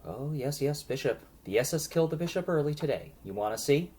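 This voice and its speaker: A man's voice: fairly high pitch, expressive, brisk, a little mellow, voice pushed up, natural voice. A man voicing an eager male prisoner who offers himself as a guide, speaking in pleading broken English. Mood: helpful.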